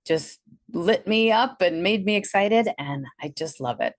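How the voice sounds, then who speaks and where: A woman from Milwaukee with a Wisconsin accent, a guest in a casual interview, telling her story with animation and acting out her past thoughts in a higher voice. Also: expressive, measured pace, no room sound. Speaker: guest, energy healer.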